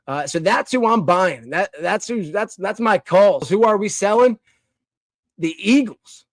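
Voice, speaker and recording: A young man from the Philadelphia area hosting a casual podcast segment, talking in a rambling, animated way full of restarts and fillers. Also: high voice, unhurried, no echo. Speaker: podcast host.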